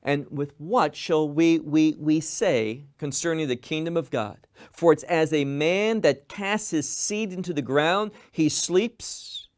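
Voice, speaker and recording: Male Bible teacher in a sermon: measured and slow, fairly high voice, poses questions and answers them himself. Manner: slow, deliberate, emphatic delivery.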